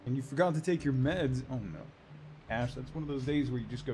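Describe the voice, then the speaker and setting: A man's voice: medium pitch, fairly quick, background noise. A man streaming a video game, chatting casually as he plays and talking to his cat and his chat viewers. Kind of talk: casual gameplay commentary.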